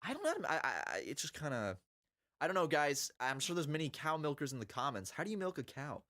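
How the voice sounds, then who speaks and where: Young male co-host, crude rambling banter, lively swinging pitch. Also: a little fast. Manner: rambling, crude joking with frequent restarts. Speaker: gaming video host. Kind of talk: casual chat.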